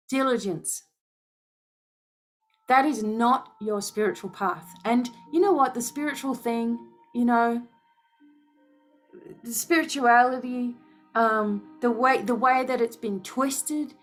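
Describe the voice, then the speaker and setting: Speaking fairly high, a woman delivers an impassioned, emphatic monologue as a spiritual healer before her followers. Rhetorical questions and a steady refrain of "okay?" drive her points across.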